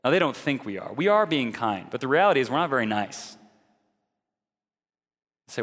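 A man's voice: medium pitch, sing-song, normal speed, pauses often, fairly bright tone, in a large hall. A man preaching a sermon in an earnest, direct way, now and then mocking the views he argues against.

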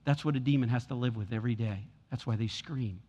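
A man's voice: mid-range voice, quick pace, warm tone, lo-fi sound. A man pastor preaching a sermon in a church, repeating lines and building in force. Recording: long hall reverb.

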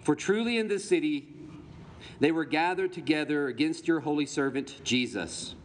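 Preaching man in a reverberant church. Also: mid-range voice. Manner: preaching with rhetorical questions to the congregation. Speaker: pastor. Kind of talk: sermon. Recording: long reverb, faint background noise.

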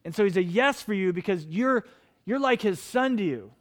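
Impassioned high-voiced male preacher. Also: expressive, moderate pace. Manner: impassioned preaching, pleading with listeners. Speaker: pastor. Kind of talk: sermon.

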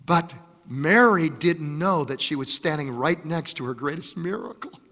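A man preaching a sermon, impassioned, repeating his phrases and swinging between loud exhortation and hushed storytelling. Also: on the high side, moderate pace, in a large hall. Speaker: pastor. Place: church.

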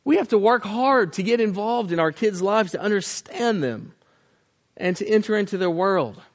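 A man in his thirties preaching a sermon in an earnest, storytelling way. His voice is a touch higher than most men's. He often stops and restarts his sentences. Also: expressive, moderate pace. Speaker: pastor.

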